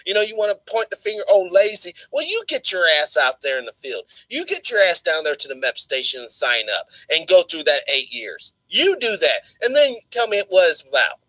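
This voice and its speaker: A man's voice: on the high side, big pitch swings, a little fast, hardly any pauses, sharp tone, dry recording, poor audio. A man hosting a talk show who rants fiercely and swears as he makes his points. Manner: fiery, swearing. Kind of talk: ranting talk show commentary.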